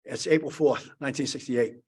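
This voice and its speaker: A man's voice: medium pitch, steady tone, fairly quick, darkish tone, husky. A man, telling a rambling anecdote as a panelist. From Boston area. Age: 70s. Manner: rambling anecdotal talk with many restarts. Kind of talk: storytelling on a panel. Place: conference panel.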